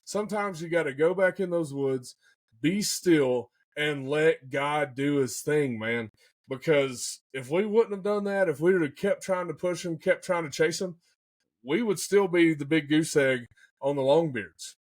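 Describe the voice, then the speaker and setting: A young man, excitedly telling a hunting story in casual podcast chat, full of folksy slang. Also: a little high, measured pace.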